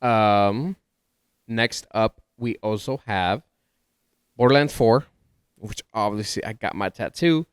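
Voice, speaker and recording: A man's voice: lowish voice, takes it slowly, long pauses, smooth, no room sound, clean studio sound. A man from Texas with a Texas accent, co-hosting a casual podcast and talking animatedly, often tripping over his words. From Dallas, Texas. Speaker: podcast co-host. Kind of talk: casual chat.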